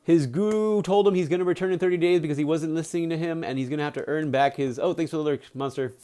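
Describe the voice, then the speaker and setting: A man's voice: a little high, fast talker, warm tone, clear, resonant tone. A man reading a book aloud on a live stream, stopping to correct himself and to chat and laugh with viewers. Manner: reads with self-corrections, chatty and giggly with viewers.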